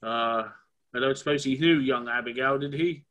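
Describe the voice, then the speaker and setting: A man's voice: mid-range voice, normal speed, fairly bright tone, lo-fi sound. A man playing a tabletop game, speaking in character with a mock-formal manner and frequent stammering. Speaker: player.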